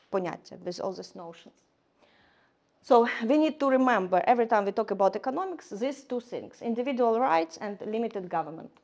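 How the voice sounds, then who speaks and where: A woman giving a lecture in English, halting often with fillers and restarts. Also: medium pitch. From Ukraine. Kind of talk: lecture to a class.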